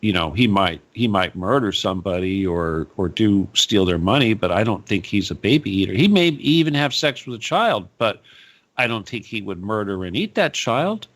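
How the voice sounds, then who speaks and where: A man hosting a talk radio show, chatting casually and rambling, with frequent laughs and animated asides. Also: fairly low pitch, moderate pace.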